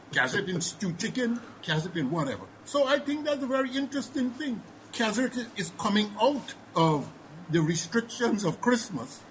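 A Guyanese man talks as a panelist in a slightly raised register. He is measured and professorial, pausing often with fillers as he thinks aloud, over a faint background noise. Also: fairly high pitch, a bit bright, rough recording. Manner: measured, professorial, many hesitations. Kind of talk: panel discussion.

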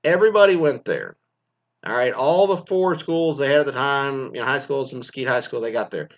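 A man's voice: mid-range voice, animated, fairly quick. A middle-aged man from Texas, a former teacher, ranting with heavy profanity and sarcasm in a casual monologue. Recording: slightly dull lo-fi sound.

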